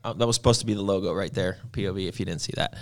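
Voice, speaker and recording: A man's voice: low-pitched, rapid-fire. A young man hosting a casual promotional chat about store sales. He talks in a loose, rambling way and often stops and restarts his sentences. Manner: loose and chatty, stops and restarts, jumps between deals. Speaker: gym owner and supplement shop host.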